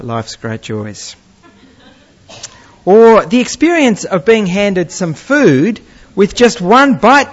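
A man preaching a sermon, telling stories with gentle humour. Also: a little high. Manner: lively storytelling with gentle humour. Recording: dull lo-fi recording.

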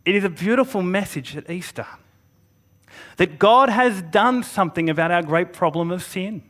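A man preaching a Good Friday sermon in an earnest manner, pausing for emphasis and sometimes restarting a phrase. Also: high voice, fairly bright tone.

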